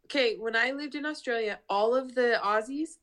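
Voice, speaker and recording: A woman's voice: a little high, moderate pace, a bit bright. A woman co-hosting a podcast in casual chat, talking chattily with lots of fillers and "like". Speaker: podcast co-host.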